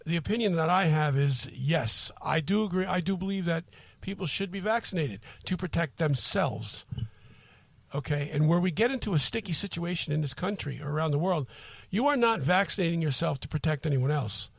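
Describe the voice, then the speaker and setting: A man's voice: on the high side, lively intonation, fairly quick, gravelly, no room sound. A man co-hosting a casual podcast, rambling through his opinion with many restarts. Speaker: podcast co-host.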